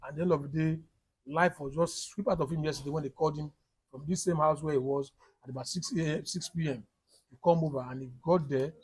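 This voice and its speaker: A man's voice: fairly high pitch, fairly even intonation, fast talker, husky, no room sound, poor audio. A man with a Nigerian accent, a human rights activist giving a firm statement in the field.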